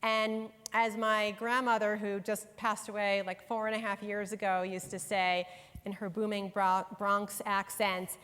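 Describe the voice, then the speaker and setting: Her medium-pitched voice is unhurried and flat yet a bit bright, clear and resonant. She's a middle-aged New York author presenting a workshop to professionals in a conference room, talking conversationally and emphatically right to the live audience amid long hall reverb.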